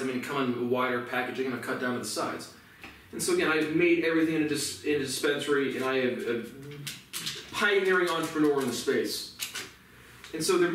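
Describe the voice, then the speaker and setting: A man's voice: on the high side, fairly bright tone. A man ranting to the camera in an indignant, profane, repetitive monologue. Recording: echoey room, voice far from mic, faint noise.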